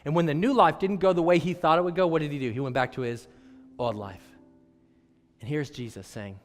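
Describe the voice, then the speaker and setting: Pastor preaching in a reverberant church. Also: male voice, fairly high pitch, brisk. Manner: dynamic, swings from loud to hushed; acts out dialogue between characters. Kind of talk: sermon. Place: church sanctuary. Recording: long church hall reverb.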